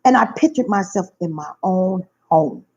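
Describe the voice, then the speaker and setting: A woman tells a personal story, her husky, gravelly voice rising and falling all over. She talks emphatically and repeats her phrases for weight. The recording is dull and lo-fi. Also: on the low side, expressive, normal speed, mellow. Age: 50s. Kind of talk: casual storytelling to viewers.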